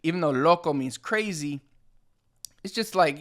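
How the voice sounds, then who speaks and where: A Dominican-born man hosts a relaxed video lesson in a slightly high voice. His delivery is loose and chatty, full of casual fillers as he explains things. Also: moderate pace. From Dominican Republic. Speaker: Spanish teacher and channel host.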